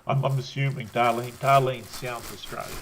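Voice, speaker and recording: A man with a New Zealand accent, a guest on a livestream, chats casually after having had a drink, rambling, swearing and laughing often. His voice is medium-pitched, with slight background noise.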